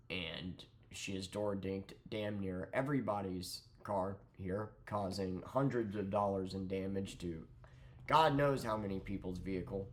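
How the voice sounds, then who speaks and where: A young man ranting sarcastically about a neighbor, swearing freely. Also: fairly low pitch. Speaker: vlogger. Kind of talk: ranting storytime.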